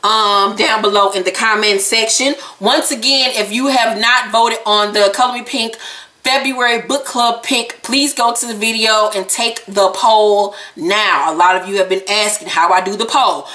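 A woman's voice: fairly high pitch, normal speed, pushed and bright. Sassy, profane woman in an echoey room. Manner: brash, sassy and profane, with blunt jokes. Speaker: vlogger reviewing reality TV. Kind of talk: casual recap commentary.

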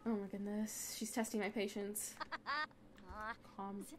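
A woman's voice: mid-range voice, slow pace, a bit bright, a little hiss or hum. A young woman hosting a gaming video, casually commenting on her play and scolding the game characters as she goes. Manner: chatty, talks back at the game characters.

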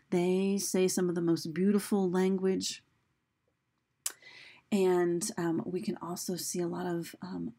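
A woman teacher talks through a recorded lesson in an easygoing, explanatory way, stopping to restart her sentences now and then. Her voice is mellow and warm, with a gravelly edge and a slightly husky texture. When she reads quoted lines, she gives them dramatic emphasis. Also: fairly low pitch. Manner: casual, explanatory, with fillers and restarts.

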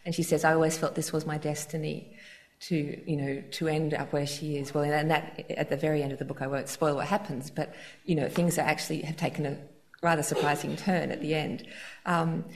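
A woman's voice: low voice, flat delivery, a little fast. A woman interviewing an author onstage in front of an audience, effusive and full of restarts. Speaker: interviewer at a live author event. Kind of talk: onstage conversation.

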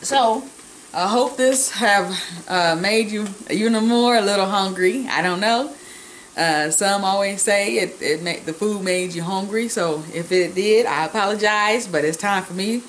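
A woman's voice: mid-range voice, unhurried, a little hiss or hum, poor audio. A woman vlogger chatting casually as she assembles a burger in her home kitchen, talking in a homey way. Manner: homey, chatty, talks with mouth full. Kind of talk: casual cooking demonstration.

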